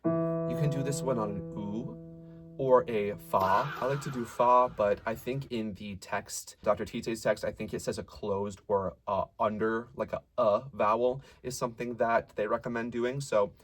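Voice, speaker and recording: A young man coaching rock singers through vocal warm-ups, explaining calmly and sometimes singing short drills. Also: medium pitch, moderate pace, soft background music. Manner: relaxed and encouraging, demonstrates sung warm-up drills. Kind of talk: singing lesson with sung exercises.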